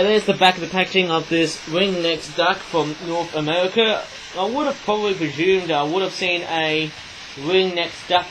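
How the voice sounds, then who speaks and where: A man's voice: sits high, noisy background. A man casually reviewing toys, rambling and chatty, often tagging his sentences with "eh?". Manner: rambling, chatty, frequent "eh?" tags. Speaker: toy reviewer.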